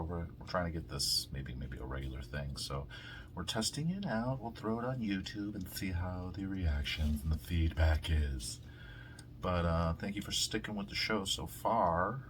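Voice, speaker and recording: A low-voiced man hosts his podcast in a loose, rambling rant. He swears constantly and drifts off topic. A faint hiss sits under his voice. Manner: rambling, heavy swearing, quick laughs. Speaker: podcast host. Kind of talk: casual profane rant.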